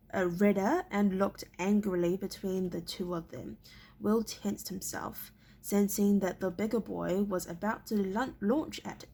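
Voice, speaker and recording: A woman reading a novel aloud in a halting way, often stumbling and repeating words. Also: medium pitch, vocal fry, a little mellow, slightly rough. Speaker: reader.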